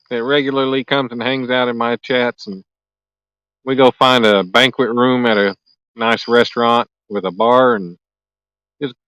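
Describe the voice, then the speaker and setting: A man chats through a live stream from a lakeside at night, joking and answering viewer comments as they come in. His voice sits in a middling register, relaxed and casual. The sound is dry and close, with no room echo. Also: medium pitch, smooth. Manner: chatty, reads and answers viewer comments aloud; joking, easygoing. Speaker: livestream host. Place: outdoors at a lake at night.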